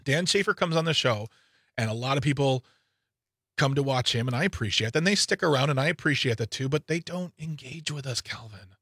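A man hosting a talk radio show, bantering with his co-host in a playful, animated way. His pitch sits in a middle range but jumps upward when he teases. The studio sound is close and dry. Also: brisk, husky, dry recording. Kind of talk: casual radio chat. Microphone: studio microphone.

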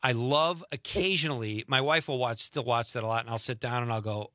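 A middle-aged man hosting a radio show, bantering casually in a chatty, rambling way with quick laughs. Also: mid-range voice, bright, forceful tone, no echo, clean studio sound. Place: radio studio.

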